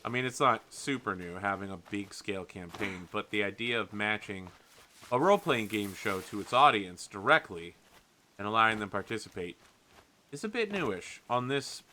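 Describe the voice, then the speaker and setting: A man's voice: lowish voice, lively intonation, moderate pace, sharp tone, slight background noise. A man giving exasperated, blunt let's-play commentary while playing a game. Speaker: gaming channel host.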